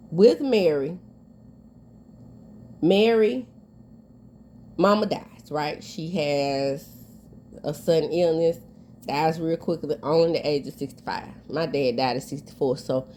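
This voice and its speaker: A sassy woman speaking, her voice a little low and congested from a stuffy nose. She talks in a candid, emphatic way. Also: darkish tone, a little hiss or hum. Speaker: commentary vlogger. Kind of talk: casual commentary.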